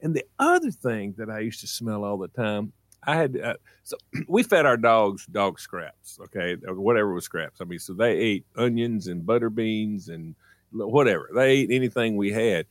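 A man who is a regular on a morning radio show, telling childhood stories in a rambling, animated way. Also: fairly low pitch, normal speed, dry recording, clean studio sound. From rural United States. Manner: animated, rambling anecdotes with self-corrections. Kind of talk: casual storytelling on morning radio.

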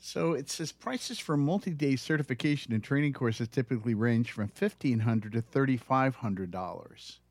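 A man's voice: mid-range voice, moderate pace, few pauses, a little mellow, dry recording. A man co-hosting a casual podcast chat, telling little stories and reading out facts. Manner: chatty, storytelling, reading figures aloud. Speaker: podcast co-host.

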